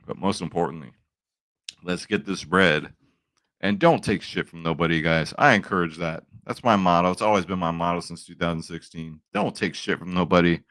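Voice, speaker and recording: A man's voice: deep voice, fairly even intonation, normal speed, fairly bright tone, no room sound. A young man casually talking through his sports betting picks, chatty and upbeat, often checking in with his viewers. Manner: chatty, upbeat, says "right?" and "guys" a lot. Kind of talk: casual picks video talk.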